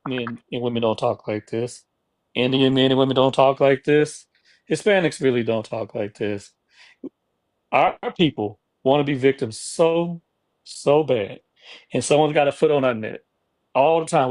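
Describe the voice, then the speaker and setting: A man's voice: mid-range voice, a little mellow, no room sound. A man speaking bluntly and emphatically as a guest in a heated live panel debate.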